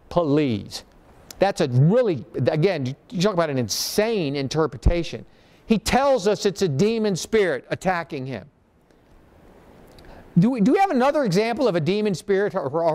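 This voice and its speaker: A man's voice: high voice, a little mellow. A male pastor preaching a sermon, firing questions at the congregation and making sarcastic asides. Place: church.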